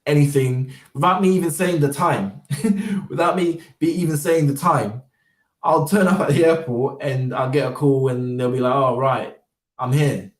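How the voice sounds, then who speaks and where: A man's voice: fairly high pitch, normal speed, recorded from a distance. A man talking in a casual, rambling monologue, full of fillers and repeated words. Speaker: vlogger. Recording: roomy, voice off-mic.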